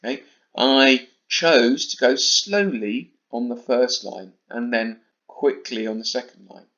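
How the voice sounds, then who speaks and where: A man teaching a primary school lesson from home with an English accent, talking slowly and carefully with deliberate pauses. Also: medium pitch, a bit bright. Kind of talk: recorded home-learning lesson. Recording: slightly dull lo-fi recording.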